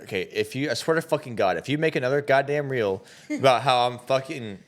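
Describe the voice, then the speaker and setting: A man's voice: mid-range voice, fairly quick, a little hiss or hum. A young man co-hosting a sports podcast in casual chat, swearing freely and laughing often. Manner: profane, excitable, laughs often. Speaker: podcast co-host.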